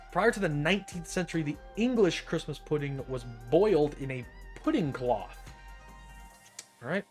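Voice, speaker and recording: A young man streaming, reading an article aloud and riffing on it in a profane, incredulous, joking way. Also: fairly high pitch. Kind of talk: casual reading and commentary.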